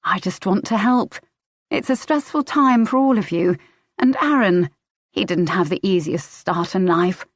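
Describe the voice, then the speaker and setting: Woman doing a calm soft-spoken woman, measured, dry close mic. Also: medium pitch, no echo. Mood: gentle. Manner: gentle, measured. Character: calm young woman, soothing and composed.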